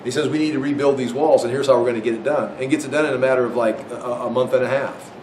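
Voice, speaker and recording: A Bible teacher with a steady, slightly mellow voice talks quickly, captured from a distance in an echoey room with faint rumble. His informal Bible history lecture is conversational, full of restarts and dramatized quoted voices.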